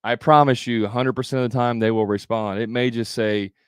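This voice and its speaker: Man, sales coach, smooth voice, dry close sound, chatty, repeats himself. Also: medium pitch, fairly even intonation, a little fast, no room sound. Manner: conversational, repetitive, with fillers and restarts. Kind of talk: live sales training.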